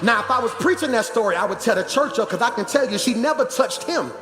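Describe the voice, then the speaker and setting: Over background music in a large church hall with heavy reverb, a high-pitched male pastor preaches animatedly and quickly. His sermon moves from conversational talk to shouts.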